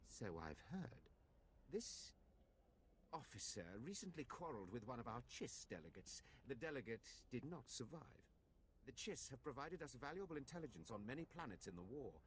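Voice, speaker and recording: A man's voice: medium pitch, big pitch swings, normal speed, a little hiss or hum, natural voice. An actor voicing a male imperial officer in a video game, scheming yet polite, with a formal briefing delivery.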